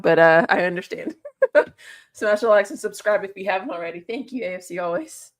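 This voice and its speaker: A woman's voice: medium pitch, a little fast. Chatty woman streamer. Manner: chatty, laughs often, answers chat messages. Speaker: livestreamer. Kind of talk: casual livestream chat.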